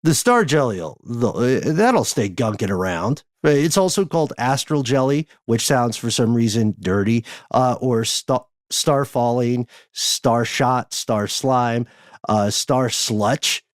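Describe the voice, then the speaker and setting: A man hosting a podcast, explaining things in a measured, wordy way with frequent filler words. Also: mid-range voice, lively intonation, dry recording, studio quality. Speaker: podcast host. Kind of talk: casual podcast chat.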